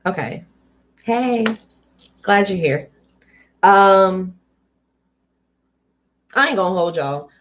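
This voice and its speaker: A woman's voice: mid-range voice, expressive, very slow, pauses often, a little hiss or hum. A woman hosting a live read-aloud stream, reading a book and talking candidly with viewers in a casual, chatty way. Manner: candid and conversational, drifting into riffs and asides to viewers.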